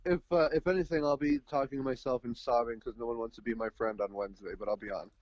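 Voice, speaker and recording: A man's voice: medium pitch, steady tone, quick pace, a little mellow, no echo. A man on a call, talking easily and hesitantly as a guest streamer. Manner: easygoing, hesitant with fillers. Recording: dull lo-fi call audio.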